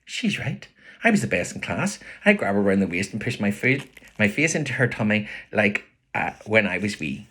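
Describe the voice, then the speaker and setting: A man with a Belfast accent, an author reading his own novel aloud as expressive first-person storytelling. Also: fairly low pitch, normal speed.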